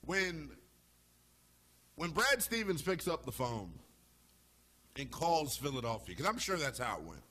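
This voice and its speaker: A man hosting a sports talk radio show, arguing his point to listeners in an animated, emphatic monologue. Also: on the high side, unhurried, pauses often, slightly rough. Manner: talks straight to listeners.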